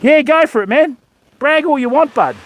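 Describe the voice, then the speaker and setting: A man's voice: very high voice, expressive, normal speed. An older Australian man fishing from a beach on a livestream, chatting to viewers and thanking them while he casts. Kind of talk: live fishing stream chat. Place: outdoors on a beach by the surf. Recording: faint surf noise outdoors. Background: waves and surf.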